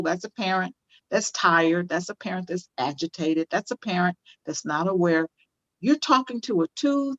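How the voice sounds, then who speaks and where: An older woman with a mid-range voice is a guest on a parenting interview, speaking in a conversational yet teaching tone. She is emphatic and repeats phrases for stress. The audio sounds dull.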